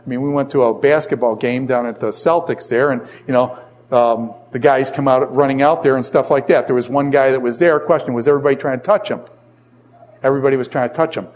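A middle-aged man teaching a Bible class to a room of students. His voice sits at an ordinary pitch, and he keeps asking questions and answering them himself. He breaks into animated stories and jokey asides. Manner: animated storytelling with jokes and asides. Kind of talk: lively classroom lecture.

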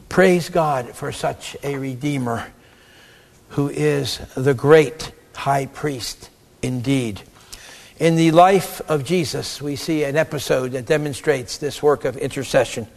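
A man preaching a sermon in an emphatic, lively way, acting out the quotes he reads. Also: a little high. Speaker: preacher and theologian. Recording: long reverb of a hall.

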